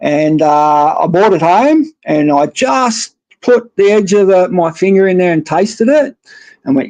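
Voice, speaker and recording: Aussie bloke on a live stream, bit higher voice, rambles on and swears a lot. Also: male voice, lively intonation, normal speed, a little mellow. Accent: Australian. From Australia. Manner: rambling, blunt, heavy swearing. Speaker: guest caller. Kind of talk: casual live-stream chat.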